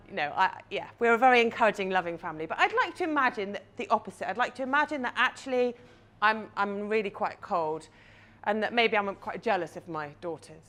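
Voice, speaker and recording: A woman in her thirties gives a live talk as a confidence coach. She guides her audience through an imagined scene in a chatty, engaged way. Her pitch rises and falls in a lively way.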